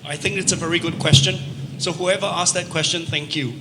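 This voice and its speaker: A man's voice: fairly high pitch, fairly even intonation, a little fast. A man with a Singaporean accent answering questions on a panel in an emphatic, rallying way. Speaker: panel speaker. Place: large event hall. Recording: long reverb in a hall, faint noise.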